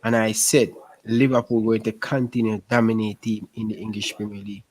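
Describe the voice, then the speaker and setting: Excitable male football fan host. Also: lowish voice, brisk. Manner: excitable, repetitive, calls people bro. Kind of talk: casual post-match fan stream.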